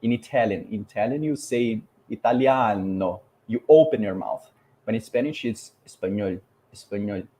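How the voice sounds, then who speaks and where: A man from Brazil with a Brazilian Portuguese accent, speaking English as a second language in a relaxed podcast chat, pausing often to look for words. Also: mid-range voice, low-quality recording. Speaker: podcast host. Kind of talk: casual conversation in English.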